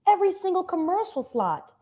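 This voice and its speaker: A woman's voice: very high-pitched, fairly quick. Chatty woman co-hosting a talk show. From Miami. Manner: chatty, animated storyteller. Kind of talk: casual talk show chat.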